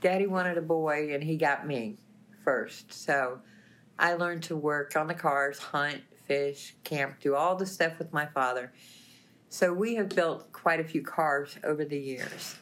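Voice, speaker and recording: A woman with a fairly low voice tells a lively story, acting out the lines of each person. She talks in a plainspoken, animated way as a guest on a talk show. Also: a little slow. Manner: animated, laughing, plainspoken retelling. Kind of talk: lively storytelling with quoted dialogue.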